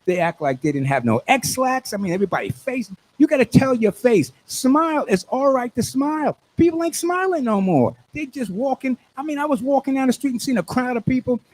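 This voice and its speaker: An older man, a radio station manager hosting his talk show, hyping an event with exuberant, preachy shouts. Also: extremely high pitch, brisk, few pauses. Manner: exuberant, preachy call-and-response, shouts when excited. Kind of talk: hyped radio promo talk.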